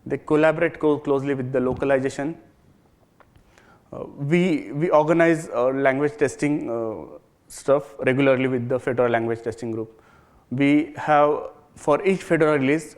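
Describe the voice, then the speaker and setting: A man giving a technical conference talk, halting, with frequent fillers and restarts. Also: medium pitch. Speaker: conference presenter.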